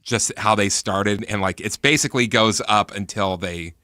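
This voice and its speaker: A man's voice: lowish voice, moderate pace, pushed and bright, dry recording. An American man co-hosting a casual sports talk radio show in a studio, telling stories in a laid-back way. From United States. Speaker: radio co-host.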